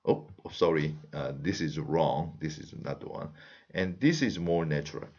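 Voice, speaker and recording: A man's voice: rumbling low, moderate pace, creaky, a little mellow. A man with a Korean accent, a native Korean speaker teaching a language lesson in English, patiently repeating example phrases with frequent "uh" fillers. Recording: slightly muffled lo-fi audio.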